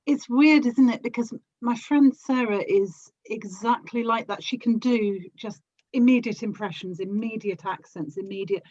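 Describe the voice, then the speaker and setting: A woman guest on a podcast, an audio drama actor, speaking softly and soothingly in casual chat. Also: a little high, moderate pace, no echo, muffled recording. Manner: soft, soothing, self-deprecating.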